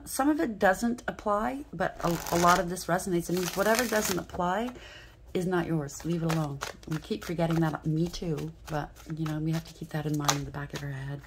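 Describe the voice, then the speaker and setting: Low-voiced blunt woman reading tarot. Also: noisy background. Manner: blunt, chatty, swears freely, keeps asking okay. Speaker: tarot reader.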